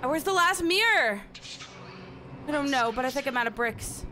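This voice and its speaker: A woman with a high voice talks through a horror game, audibly frightened, swearing and repeating herself. Loud noise and game sound sit under her voice. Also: animated, moderate pace. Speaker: gamer. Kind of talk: horror game let's-play commentary. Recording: noisy with game sound behind.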